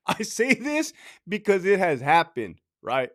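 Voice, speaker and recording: A man's voice: high-pitched, huge pitch swings, takes it slowly, pauses often, a bit bright. A middle-aged man and former corrections officer giving blunt, profane advice in a casual monologue. He laughs often and acts out other people's lines.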